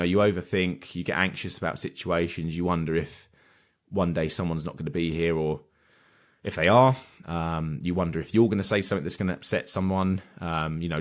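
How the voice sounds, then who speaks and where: Low-voiced guy in his 20s, podcast host, thinking out loud, lots of ums and restarts. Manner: reflective, hesitant with many fillers and restarts. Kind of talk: personal monologue.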